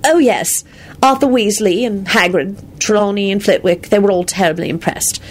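A woman's voice: mid-range voice, normal speed, voice pushed up, natural voice. A woman voicing a shy, prim young woman with a polite, practical manner in a read-aloud story.

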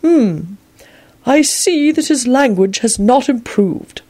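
A kindly, absent-minded old wizard, put on by a woman reading a storybook. He rambles slowly and mildly, his voice lifted high. The pitch wanders in a lively way. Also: exaggerated voice. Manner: slow, rambling, mild.

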